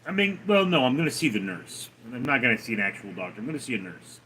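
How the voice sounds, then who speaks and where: A man's voice: mid-range voice, big pitch swings, quick pace, pushed and bright, slight background noise, rough recording. A man hosting a casual livestream, rambling offhandedly and reading chat aloud. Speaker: livestream host.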